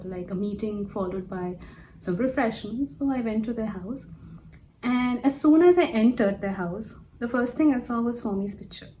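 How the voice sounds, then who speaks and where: A woman's voice: on the high side, mellow, slight background noise, rough recording. A young woman from India sharing an earnest personal testimony, telling her story with many fillers. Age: young adult.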